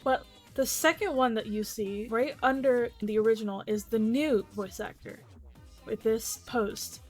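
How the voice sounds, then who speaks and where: A fairly high-voiced woman talks through online drama in a casual, blunt way, swearing freely. She reads posts aloud between her own remarks. Faint background music plays under her voice. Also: unhurried, a little mellow, husky. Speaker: vtuber commentator. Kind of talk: casual commentary.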